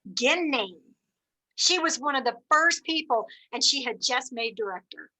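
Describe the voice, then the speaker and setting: A middle-aged woman leading a team meeting on a video call, telling stories in an animated, encouraging way. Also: high voice, moderate pace, low-quality recording. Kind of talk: motivational team meeting talk.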